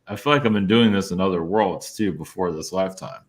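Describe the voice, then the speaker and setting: Deep-voiced, halting male guest. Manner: soft-spoken, halting, many fillers and little laughs. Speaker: guest, channeler. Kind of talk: casual interview talk.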